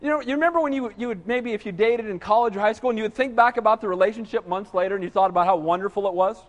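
A pastor with a notably high voice delivers a sermon in a chatty, joking way, firing rhetorical questions at his congregation. His voice rings out with a long reverb, as though in a large church sanctuary. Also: very fast, dull audio. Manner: conversational preaching with rhetorical questions and humor.

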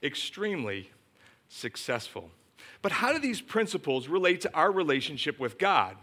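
A man's voice: a little high, big pitch swings, normal speed, bright, forceful tone. A middle-aged man preaching a sermon as a pastor, emphatic and storytelling.

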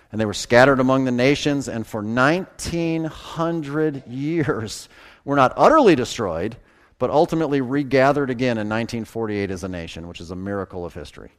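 A pastor preaching a sermon, building to emphatic, forceful peaks as he explains scripture. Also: mid-range voice.

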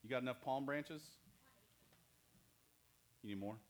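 A man of medium pitch tells a Bible story to children in an unhurried way, with a little hiss or hum on the recording. He keeps it playful, joking with the kids and asking them questions.

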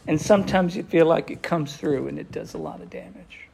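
Man, sermon, gravelly, slightly high voice, impassioned, slows for emphasis. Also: a little mellow, a little hiss or hum. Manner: impassioned, slows down for emphasis, drops to near whisper. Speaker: preacher.

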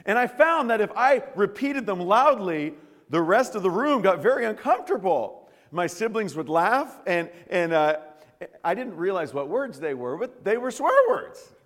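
Animated joking pastor in a reverberant church. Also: male voice, high voice, normal speed. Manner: lively, joking storyteller with frequent restarts. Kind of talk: sermon with prayer and personal stories. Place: church service. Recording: long reverb of a church hall.

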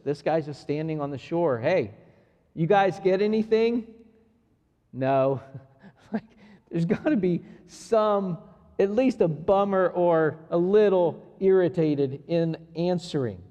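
Male pastor preaching, slow, slightly high voice, animated, echoing hall, dull recording. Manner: animated, acts out the dialogue of the passage. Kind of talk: sermon.

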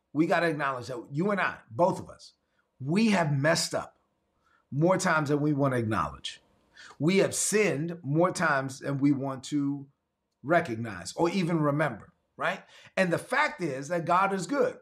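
A man's voice: sits high, vocal fry, a bit bright. A man from Brooklyn preaching an emphatic livestreamed sermon, repeating refrains and asking viewers to write in the chat. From Brooklyn, New York. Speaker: pastor.

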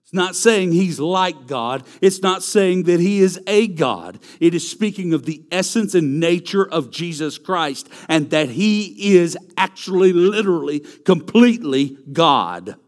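A man's voice: high-pitched, lively intonation, unhurried, few pauses. A man preaching a sermon, emphatic and repeating key phrases for stress. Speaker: pastor.

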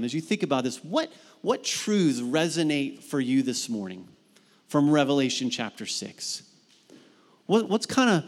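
Animated pastor preaching in a reverberant hall. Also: male voice, mid-range voice. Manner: animated, rising to emphatic peaks; casual asides with fillers in stories. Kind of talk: sermon. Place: church sanctuary.

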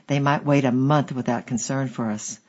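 A man reading a memoir aloud as an audiobook narrator, steady and measured. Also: mid-range voice, muffled recording.

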